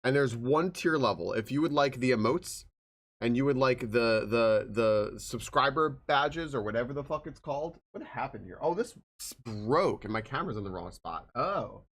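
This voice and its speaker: A man's voice: medium pitch, lively intonation, normal speed. A man streaming live, chatting casually and greeting viewers by name, with frequent swearing. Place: home streaming room.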